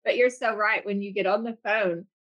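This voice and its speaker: A woman's voice: mid-range voice, steady tone, moderate pace, muffled recording. A woman from Arkansas with a light Southern accent, hosting a casual conversation and steering the topic.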